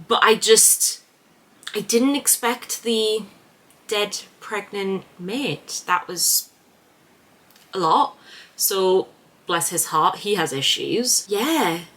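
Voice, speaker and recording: A woman chatting casually in a reading vlog, gushing with animated reactions. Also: medium pitch. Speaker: book vlogger.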